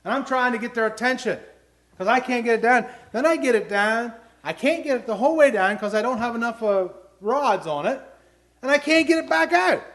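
A middle-aged man preaches a sermon in a higher-than-usual voice. He tells homely personal stories earnestly and builds to emphatic questions for his listeners. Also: fairly quick, fairly bright tone.

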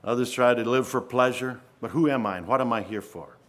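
A man's voice: medium pitch, brisk, a bit bright. A man preaching a sermon in an earnest way, often asking his listeners rhetorical questions.

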